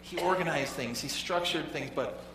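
A male pastor delivers a relaxed sermon in a fairly high voice, doubling back on words and pausing often. He sounds distant in a large, heavily echoing church with a long reverb. A faint hum runs underneath. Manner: conversational, halting, repeats words. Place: church sanctuary. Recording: echoey hall, voice from far off.

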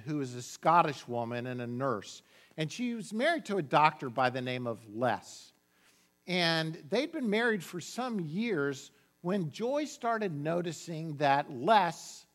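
A pastor preaching a sermon, telling a story with joking asides. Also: male voice, fairly high pitch. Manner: animated storytelling with asides and jokes.

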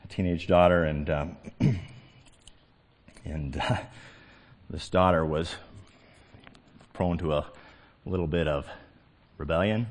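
A middle-aged man preaching a sermon as a pastor, swinging from hushed, slow phrases to emphatic, excited ones. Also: sits low.

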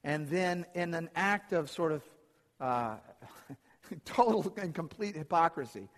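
A man's voice: on the high side, expressive, takes it slowly, fairly bright tone. Man preaching in an echoing hall. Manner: retells Bible stories, acting out the quotes. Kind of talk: sermon.

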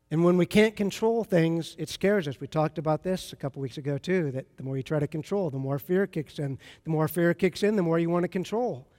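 A man's voice: high voice, a little mellow. A man preaching a sermon as pastor, talking to the congregation in a conversational, storytelling way. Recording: long reverb of a large hall.

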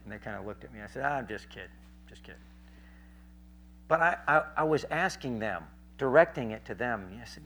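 A man's voice: mid-range voice, moderate pace, long pauses. A man preaching a sermon, telling stories in a rambling conversational way with many fillers and acting out the people in them. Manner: animated, acts out the people in his stories. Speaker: street preacher. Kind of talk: sermon with storytelling.

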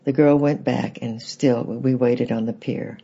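Husky, gravelly man reading a storybook. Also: mid-range voice, steady tone, unhurried, mellow, highs cut off. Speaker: reader of a children's book. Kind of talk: storybook read-aloud narration.

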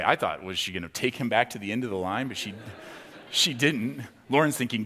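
A pastor delivers his sermon like a conversational story, packed with fillers and acted-out quotes, in a long, reverberant hall. His medium-pitched voice is fairly quick and sharp-toned, with a little hiss or hum in the audio.

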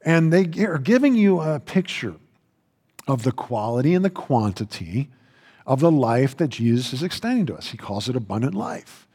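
A man preaching a sermon in a conversational, earnest way, often restarting his sentences and lifting his pitch for emphasis. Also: big pitch swings, moderate pace, darkish tone, husky, long reverb tail. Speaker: pastor.

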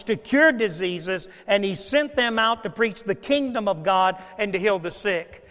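A pastor preaching a sermon in a high-pitched male voice. He tells stories in a hushed tone and rises to loud, shouted passages. The sound carries the long reverb of a large hall. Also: unhurried, few pauses.

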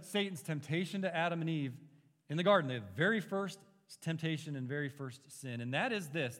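A man's voice: on the high side, long reverb tail. A man preaching an expository sermon as a pastor, earnest and emphatic, pushing his rhetorical questions upward.

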